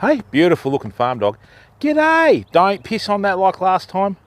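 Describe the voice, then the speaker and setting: An Australian man hosts a fishing livestream from a riverside campsite, chatting casually with viewers in easygoing, laid-back Aussie banter. His voice is high-pitched and very animated at a moderate pace, with a noisy background outdoors.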